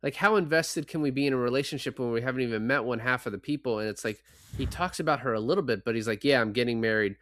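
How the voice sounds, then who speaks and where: A man's voice: medium pitch, quick pace, few pauses, a bit bright, dry recording, clean studio sound. Man casually retelling movie scenes. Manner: retells scenes, acting out lines. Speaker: podcast co-host. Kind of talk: casual film chat.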